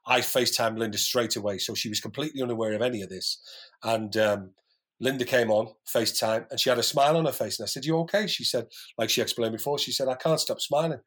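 A man's voice: mid-range voice, a bit bright, slightly rough. A man guest on a podcast, earnestly telling a personal story in casual chat with many restarts. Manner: earnest, talks in restarts and asides.

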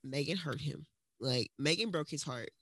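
A woman co-hosting a casual podcast, talking in an animated, rambling way with teasing and swearing. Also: sits low, moderate pace, no room sound, studio quality. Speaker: podcast co-host. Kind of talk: casual chat. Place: at home in another city from her co-host.

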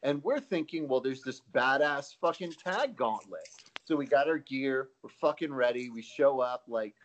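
A man's voice: mid-range voice, animated, normal speed, lo-fi sound. A man in casual podcast chat, telling stories in a laid-back, profane way.

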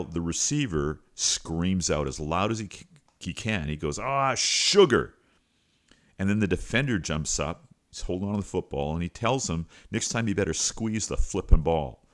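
With a strikingly deep voice, this middle-aged Canadian man, a coach who hosts a podcast, recounts a story on his own. The telling is relaxed and conversational, peppered with fillers and sentences he starts again.

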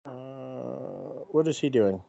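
A man's voice: medium pitch, slow pace, vocal fry, mellow, muffled recording, a little hiss or hum. A man co-hosting a podcast, chatting in an easygoing, chuckling way. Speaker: podcast co-host. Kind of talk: casual podcast chat.

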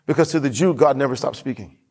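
A man's voice: mid-range voice, quick pace, darkish tone, husky. A man preaching a sermon as pastor in a church, emphatic and given to repeating his lines and reading scripture aloud.

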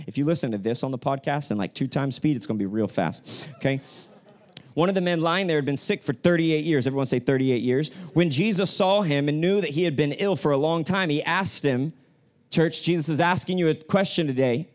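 A man's voice: on the high side, fairly quick. A young male pastor preaching a sermon in a church sanctuary. He talks casually and with slang, and prompts the congregation to repeat phrases back to him.

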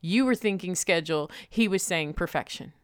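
A woman's voice: on the low side, normal speed, clear, resonant tone, no echo, studio quality. A woman co-hosting a faith-based podcast, talking in an emphatic, preachy, encouraging way. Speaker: podcast co-host.

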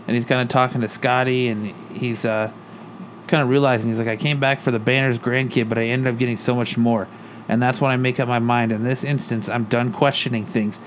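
A man's voice: medium pitch, level tone, a little fast, slight background noise. A man co-hosting a podcast, casually retelling a comic book story and speaking the characters' lines in his own voice. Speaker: podcast co-host.

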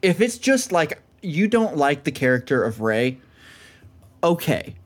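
Talking films with his co-host, a man chats with casual enthusiasm and keeps calling his friend "dude." He speaks a little slowly in a high-ish, sing-song voice.

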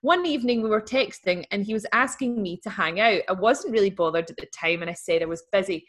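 A woman's voice: mid-range voice, quick pace, a bit bright. Woman, podcast co-host, casual chat, reads a letter aloud, wry. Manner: chatty and wry, laughs easily.

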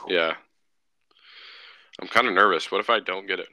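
Bright, playful male podcast co-host. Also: low voice, no room sound. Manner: playful, quick jokey interjections. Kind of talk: casual chat.

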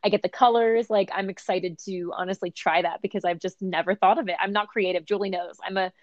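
Young woman co-host, giggly and excited, lo-fi dry recording. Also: medium pitch, dry recording. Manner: enthusiastic, giggly, fast with "like" and "honestly". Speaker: podcast co-host. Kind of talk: casual podcast chat. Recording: slightly dull, lo-fi mic.

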